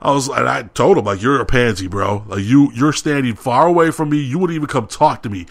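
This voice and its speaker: This medium-pitched male voice moves a little fast. He's a young podcast co-host and casual storyteller, ranting heatedly through a retelling that includes quoted yelling.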